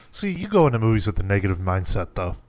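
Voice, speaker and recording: A man's voice: fairly low pitch, big pitch swings, a little fast, darkish tone, no echo. A man co-hosting a casual film podcast, teasing his co-hosts and mock-lecturing them. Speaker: podcast co-host.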